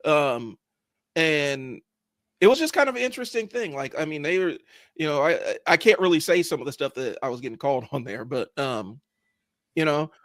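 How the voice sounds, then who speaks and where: Sarcastic, animated man chatting on a podcast. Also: on the high side, normal speed, no echo, clean studio sound. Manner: sarcastic, animated, many fillers like "like" and "you know". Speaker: podcast co-host. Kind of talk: casual chat.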